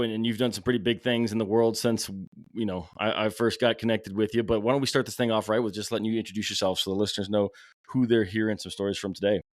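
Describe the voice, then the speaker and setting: A man hosting a hunting podcast, talking casually and warmly, calling his guest brother and man. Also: on the low side, dry recording, studio quality. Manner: friendly, fast, calls guest brother and man. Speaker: podcast host.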